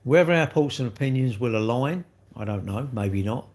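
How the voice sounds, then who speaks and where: A man's voice: mid-range voice, expressive, normal speed, a little mellow. An English man chatting on a live stream, rambling and blunt as he answers viewers in a slangy way.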